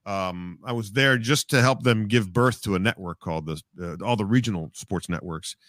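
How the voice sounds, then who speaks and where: A man's voice: fairly low pitch, normal speed, a bit bright, dry recording, clean studio sound. A middle-aged man, a sportscaster, telling stories in a casual interview, rambling and reflective with many restarts. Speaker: sportscaster guest.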